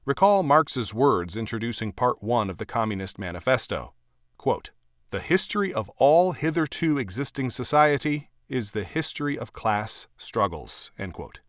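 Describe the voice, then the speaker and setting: Lively, dry-voiced man reading aloud. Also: medium pitch, no echo. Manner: measured, emphatic reading with clear quote markers.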